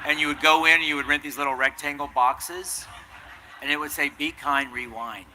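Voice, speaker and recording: A man's voice: fairly high pitch, little pitch movement, a little fast, pushed and bright, a little hiss or hum, rough recording. A man giving a commencement address, telling an earnest, self-deprecating story. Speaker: commencement speaker. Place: outdoor commencement ceremony.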